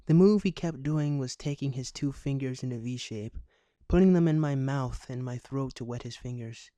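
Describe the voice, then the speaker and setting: A man reading a news article aloud and breaking off into sarcastic, deadpan comic asides. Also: medium pitch, normal speed, no echo. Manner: sarcastic, deadpan asides between read passages. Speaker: commentary YouTuber.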